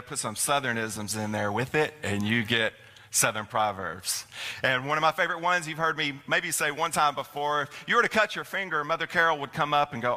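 A man's voice: mid-range voice, pushed and bright. A middle-aged man giving a folksy, storytelling sermon as a minister in a church. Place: church sanctuary. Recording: long hall reverb.

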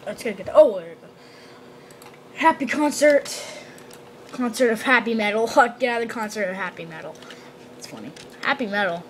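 Excitable woman doing game commentary. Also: on the high side, normal speed, long pauses, a little hiss or hum. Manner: excitable, shouts and exclaims. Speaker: gamer. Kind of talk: gameplay commentary.

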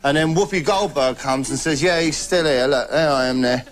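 Rambling British comedy host, fairly high voice. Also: male voice, moderate pace. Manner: rambling, chatty, laughs between bits. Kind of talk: deadpan stand-up monologue to camera. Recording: clear background noise.

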